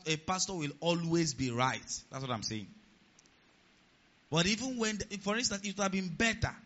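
Lively preacher, bright tense voice. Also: male voice. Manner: rhetorical questions to the congregation; acts out quoted speech in a lower voice. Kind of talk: sermon. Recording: dull lo-fi recording.

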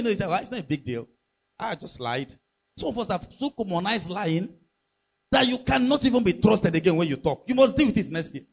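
A man preaching with a high, lively voice that swings widely as he presses his points. His tone is husky, and he keeps firing rhetorical questions at the congregation. The recording sounds muffled and lo-fi. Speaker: pastor. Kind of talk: sermon.

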